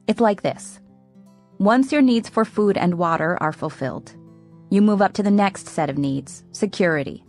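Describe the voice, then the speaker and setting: A woman narrating an audiobook in first person, measured and soft-spoken. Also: medium pitch.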